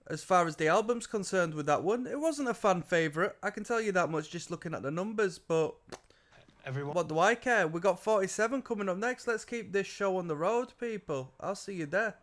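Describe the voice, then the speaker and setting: A man's voice: high voice, a bit bright. A tired man hosting an album reaction show, chatting casually with rambling asides. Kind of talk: casual music reaction commentary.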